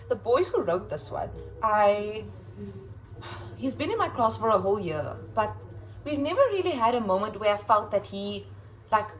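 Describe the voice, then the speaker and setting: A woman schoolteacher chatting casually in her home kitchen as she reads out quotes and adds playful, expressive asides. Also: mid-range voice, slight background noise, poor audio. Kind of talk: casual vlog chat reading kids' quotes aloud.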